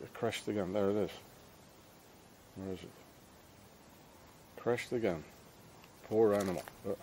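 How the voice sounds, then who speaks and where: A man's voice: on the low side, mellow, a little hiss or hum. A man ranting outdoors, scolding and repeating himself, peppering his talk with filler phrases. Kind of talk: angry street rant to camera.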